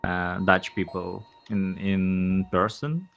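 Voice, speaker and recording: A man co-commentating a strategy game in a casual, halting way, with lots of pauses and restarts. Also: low voice, little pitch movement, gravelly, fairly bright tone, faint music behind. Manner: halting, many fillers and restarts. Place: Ukraine.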